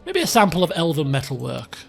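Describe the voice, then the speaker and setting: A man giving casual, chatty, excitable gameplay commentary as a let's play host at a desk microphone. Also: a little high, fast talker, creaky, husky, soft background music. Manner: chatty, excitable, self-mocking.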